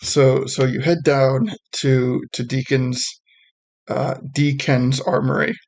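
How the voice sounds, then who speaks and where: A man's voice: medium pitch, fairly even intonation, slow, gravelly, a little mellow. A man narrating as game master of a tabletop game, rambling with many restarts.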